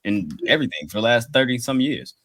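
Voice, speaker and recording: A man's voice: medium pitch, lively intonation, fast, a bit bright, dry recording. A man hosting a wrestling podcast, chatting casually in a slangy, laid-back way and often tagging lines with "you feel me". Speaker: podcast host. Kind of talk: casual chat.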